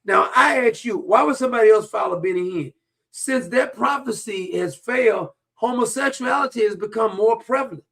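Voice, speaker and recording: A man's voice: sits high, normal speed, creaky, fairly bright tone. A man delivering a heated commentary rant, combative and taunting, repeating his points and swearing freely. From New York, USA. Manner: combative, repetitive, taunting, profane. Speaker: online commentator.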